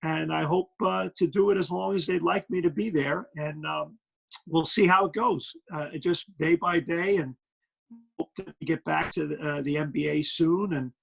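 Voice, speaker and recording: Middle-aged Brooklyn guy, gravelly and a bit high, easygoing rambling guest analyst. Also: steady tone, normal speed, fairly bright tone, low-quality recording. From Brooklyn, New York. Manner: rambling with many fillers. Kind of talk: casual interview.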